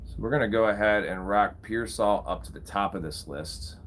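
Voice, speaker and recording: A man's voice: fairly low pitch, normal speed, fairly bright tone, a little hiss or hum. A young man casually commentating a live fantasy football draft, bantering with his chat and swearing freely. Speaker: fantasy football streamer host.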